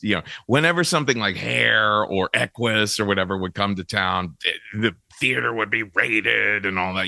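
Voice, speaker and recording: A man's voice: lowish voice, pushed and bright, no echo, studio quality. A middle-aged man from Ohio, a guest telling stories animatedly in a casual interview and laughing often. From Cincinnati, Ohio, USA.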